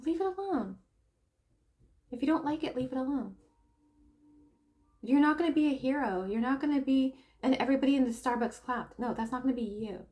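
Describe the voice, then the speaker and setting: A woman talking casually to camera, telling a story in an animated way and often stopping to laugh and add asides. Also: sits high, fairly quick, pauses often. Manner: animated storytelling, acting out quoted people. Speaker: tarot reader and spiritual coach. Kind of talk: casual opinion monologue.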